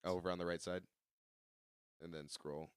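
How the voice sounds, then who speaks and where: A man's voice: low voice, level tone, moderate pace, clean tone, no room sound, clean studio sound. A man co-hosting a casual podcast at home, teasing and laughing often. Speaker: podcast co-host.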